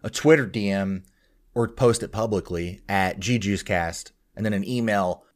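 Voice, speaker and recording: A man's voice: on the low side, normal speed. A man co-hosting a podcast in casual chat, loose and profane, laughing often. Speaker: podcast co-host.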